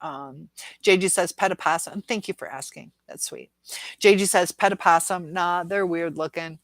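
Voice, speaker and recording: A woman's voice: fairly low pitch, normal speed, dry recording. A woman hosting a casual live stream, reading viewer comments aloud in a rambling, chatty way and laughing often. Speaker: livestream host reading viewer chat.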